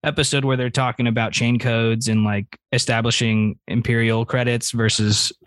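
A man's voice: medium pitch, little pitch movement, moderate pace, fairly bright tone, dry recording. Hesitant man in dry casual chat. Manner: hesitant, lots of fillers and restarts. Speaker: podcast co-host.

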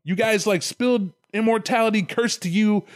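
A man's voice: sits high, very animated, fast talker, breathy edge, no room sound, studio quality, voice pushed up, full character voice. A man voicing God as a petty, furious ranting figure, profane and indignant.

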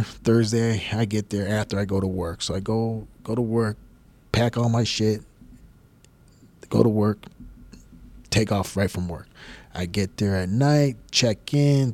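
A man's voice: lowish voice, darkish tone. A man hosting a podcast, telling a personal story in a blunt, profane, casual way. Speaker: podcast host.

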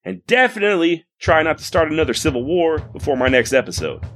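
A man's voice: on the high side, animated, quick pace, a bit bright, soft background music. A man hosting a history podcast, telling it casually with wry, irreverent asides and the odd curse. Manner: wry, irreverent, swears for comic effect. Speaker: podcast host.

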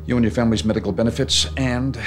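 An actor playing a cold, threatening male corporate lawyer in a film scene, speaking in measured legal terms. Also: medium pitch, steady tone, natural voice. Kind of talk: film drama acting.

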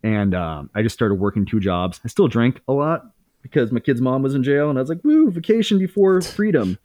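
A man's voice: mid-range voice, fairly even intonation, a little fast, darkish tone, dry recording. A man in his thirties as a podcast guest, candidly telling a story in casual speech, swearing freely with many fillers and restarts.

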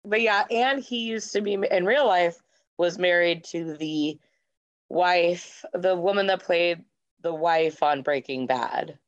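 Brief: woman podcast co-host, lowish voice, dull dry recording, chatty and a bit hesitant. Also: slow pace. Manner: chatty, hesitant, shares fun facts. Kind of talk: casual chat.

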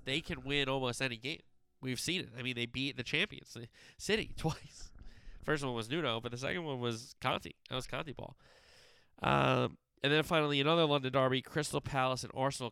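A man's voice: medium pitch, vocal fry, pushed and bright, clean tone, no room sound. A young man runs through the weekend's fixtures in a loose, opinionated sports-show chat, tossing in slangy asides. His voice is very clean and resonant, recorded close and dry with no room sound. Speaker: sports podcast host. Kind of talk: casual sports preview chat.

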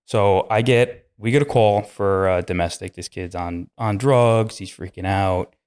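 A man with a lowish voice tells a story in a relaxed podcast chat. He talks like a detective recounting a wild call, and he breaks into sharp, higher voices when he quotes the people involved. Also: unhurried, smooth. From United States. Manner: animated storyteller, acts out voices with sudden loud jumps. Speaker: police detective and podcast guest.

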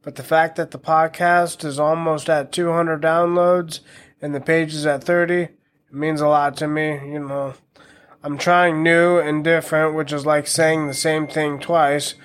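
A man's voice: a little high, little pitch movement, measured pace. A man of around thirty hosting a casual solo podcast, talking in a wry, self-mocking way with crude jokes. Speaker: podcast host.

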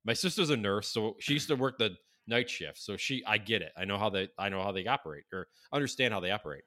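A man's voice: lowish voice, lively intonation, fast, bright, forceful tone. A man telling a story in casual chat, rambling and profane, with many fillers and restarts.

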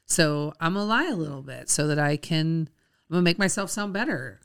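A woman's voice: low voice, lively intonation, gravelly, clear, resonant tone. A woman co-hosting a podcast in casual, playful chat. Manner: chatty, playful, quick to laugh. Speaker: podcast co-host.

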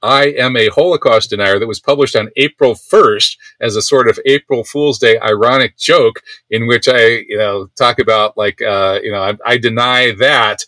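Man, interview guest, quick wry delivery, dry close sound. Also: medium pitch, sharp tone, dry recording. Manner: quick, wry and ironic, laughing at his own jokes. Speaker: guest, senior editor. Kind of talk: casual conversational interview.

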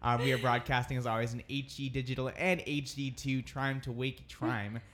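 A man's voice: mid-range voice, level tone, moderate pace, fairly bright tone. A man hosting a casual morning radio show from a studio, talking in a hyper, giggly, chatty way. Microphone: studio microphone.

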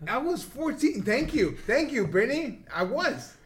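A man in his thirties from Mexico with a fairly high voice talks in a casual podcast chat, teasing and swearing freely. Faint noise sits under his voice. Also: very animated, unhurried. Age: 30s. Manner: profane, teasing. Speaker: podcast co-host.

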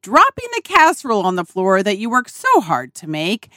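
A woman hosting a podcast who tells a personal story in a casual, animated way, laughing often and swearing freely, recorded in a small RV dinette. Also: mid-range voice, normal speed, no echo, clean studio sound. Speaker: podcast host.

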